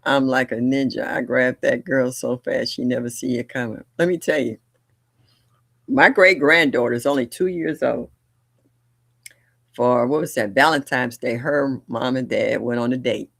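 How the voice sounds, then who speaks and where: An older woman hosting a livestream, chatting casually and bluntly, telling family stories with animated delivery and laughter. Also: very deep voice, moderate pace, vocal fry, dry recording, studio quality. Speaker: livestream host. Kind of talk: casual storytelling chat.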